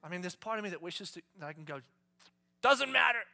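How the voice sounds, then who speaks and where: A middle-aged man preaching a sermon, animated, acting out quotes with raised and shouted voices. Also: on the high side, racing. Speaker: pastor.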